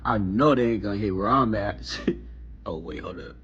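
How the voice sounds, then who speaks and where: A man's voice: lowish voice, lively intonation, moderate pace, fairly bright tone, highs cut off, a little hiss or hum. A man ranting casually in a blunt, profane way. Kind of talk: casual rant.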